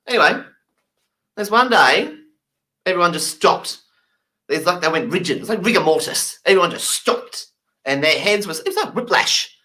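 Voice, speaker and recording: A man's voice: on the high side, pushed and bright, poor audio. A man from England, doing stand-up storytelling and acting out the voices of the people in his anecdotes. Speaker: stand-up comedian.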